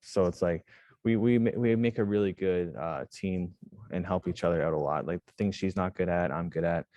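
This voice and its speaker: A man's voice: sits low, normal speed, dark tone, no room sound. A young man, a jiujitsu instructor, answering interview questions casually in a rambling way, full of fillers and restarts. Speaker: jiujitsu instructor and gym owner.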